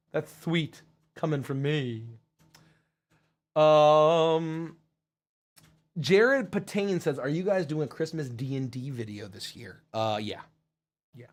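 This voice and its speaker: A man hosting a live stream, reading out chat comments with loud excitement and casual swearing. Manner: excited, swears casually, swings from loud hype to low mumbles. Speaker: livestream host.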